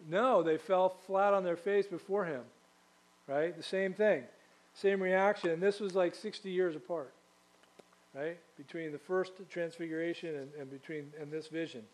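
A man's voice: high voice, fairly even intonation, normal speed. A man preaching a sermon in a conversational way, asking the congregation questions and adding casual asides. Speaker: pastor.

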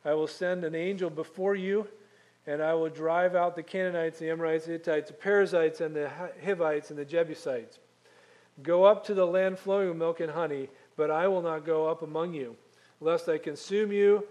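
Guy giving a casual sermon, voice a bit on the high side, lots of ums and uhs. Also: fairly even intonation, normal speed, a little mellow. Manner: conversational Bible teaching with frequent fillers. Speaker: pastor.

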